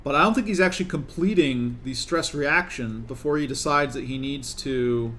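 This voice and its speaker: In live gameplay commentary, a young streamer coaxes and scolds the characters in his colony game. He talks at a moderate pace in a bright, forceful, medium-pitched voice.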